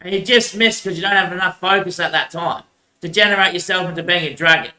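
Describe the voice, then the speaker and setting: A man's voice: high voice, fast, sharp tone, echoey room. A man in a rambling monologue, repeating himself, swearing and laughing often.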